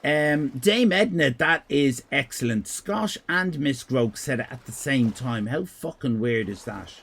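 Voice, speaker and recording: A man's voice: mid-range voice, lively intonation, a little slow, creaky, a bit bright. A man with an Irish accent chatting casually on a live stream while drawing. He talks in a crude, rambling, irreverent way and reads out comments from chat. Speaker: livestreamer.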